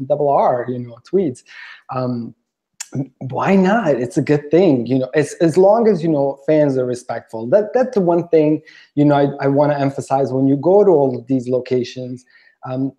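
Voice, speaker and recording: A man's voice: a little high, dark tone. A man chatting casually on a podcast, telling an anecdote with lots of "you know" fillers and acted-out quotes. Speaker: podcast guest. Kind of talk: casual storytelling chat.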